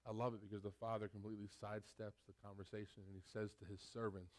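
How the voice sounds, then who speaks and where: A pastor preaching a sermon, retelling a story with animated, stammering repeats. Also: male voice, fairly low pitch, quick pace, hardly any pauses.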